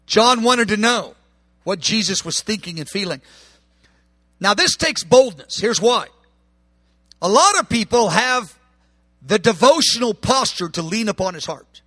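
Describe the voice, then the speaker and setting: Male preacher, high voice, bright tone, impassioned sermon, dry close sound. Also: animated, measured pace, pauses often, no room sound. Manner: impassioned, acts out quoted voices, swings from hushed to shouting.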